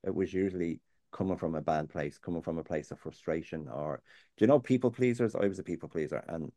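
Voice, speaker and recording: A man's voice: low voice, fast, dark tone, dry recording. A man, talking earnestly and plainly as a guest on a faith topic, sometimes digressing. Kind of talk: candid conversational chat.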